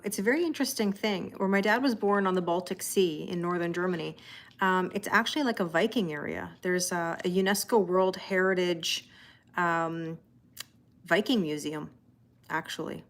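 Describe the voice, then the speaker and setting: A woman's voice: on the low side, moderate pace. Chatty Canadian woman hosting a livestream. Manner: chatty, greets viewers by name and reads their comments aloud. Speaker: tarot reader hosting a livestream. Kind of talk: casual livestream chat.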